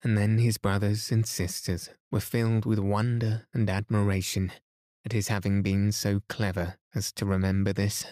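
A man reading a bedtime story aloud in a calm, soothing, unhurried way, as a sleep podcast host. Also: on the low side, no room sound, studio quality.

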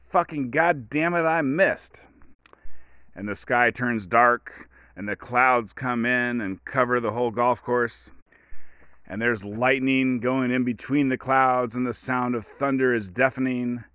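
A man's voice: mid-range voice, fairly bright tone, clean tone, dry recording. A man hosting a podcast, talking in a casual rambling monologue full of asides and restarts. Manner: rambling, self-interrupting, storytelling asides. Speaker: podcast host.

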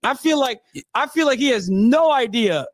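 A man's voice: very high-pitched, lively intonation, moderate pace, no echo, studio quality. A man streaming a heated debate, exasperated and swearing, laughing off insults.

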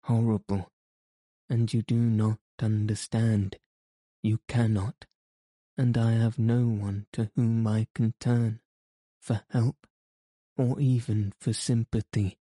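Anguished young noblewoman pleading for help, voiced by a male reader; slow, dark, level tone. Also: lowish voice, flat delivery, no room sound, studio quality.

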